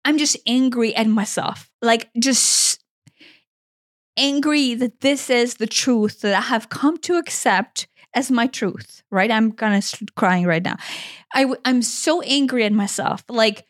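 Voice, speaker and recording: Podcast co-host, woman in her 40s, somewhat high voice, earnest and emotional, swears, dry close sound. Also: a little slow, dry recording. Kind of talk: casual conversation.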